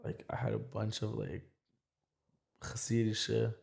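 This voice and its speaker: A man's voice: fairly low pitch, little pitch movement, measured pace, creaky, darkish tone. A young man talking as a podcast guest in casual chat, rambling with many restarts. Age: young adult.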